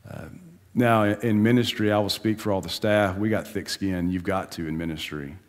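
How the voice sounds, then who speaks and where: A man's voice: lowish voice, fairly even intonation, normal speed. A pastor giving a sermon in a conversational, storytelling manner, laughing and building emphasis as he goes. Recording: long hall reverb in church.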